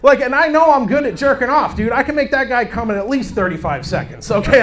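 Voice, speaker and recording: Brash, lively stand-up comedian, high voice. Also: male voice, a little fast, hardly any pauses, slight background noise. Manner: brash, crude, acts out voices of family. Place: comedy club stage with live audience.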